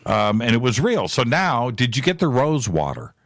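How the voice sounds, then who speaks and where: A man's voice: medium pitch, very animated. A man hosting a talk show interview, affirming often and restarting his sentences as he asks questions. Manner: affirming with repeated "right, right", halting restarts.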